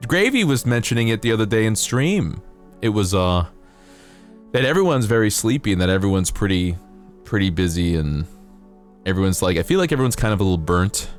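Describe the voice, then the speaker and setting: A male streamer chatting casually with his viewers, rambling and playful, sometimes jumping into high silly voices. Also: lively intonation, moderate pace. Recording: faint music behind.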